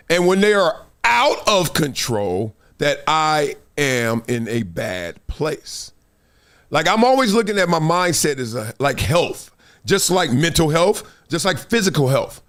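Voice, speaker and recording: Guy hosting a live stream, high voice swinging all over, preachy and emphatic. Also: fairly bright tone. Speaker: show host.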